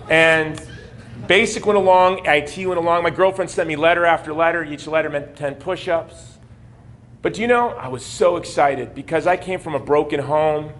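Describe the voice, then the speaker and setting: A man's voice: a little high, fairly bright tone, a little hiss or hum. Man telling a personal story at a gala. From United States. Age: 40s. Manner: storytelling, wry humor turning earnest. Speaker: gala speaker. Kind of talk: personal testimony speech. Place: banquet hall.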